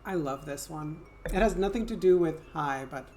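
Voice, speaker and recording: A woman's voice: deep voice, moderate pace, darkish tone, slight background noise. A woman with a French accent chatting casually and playfully while streaming a game, swearing now and then. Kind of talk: casual gameplay chat.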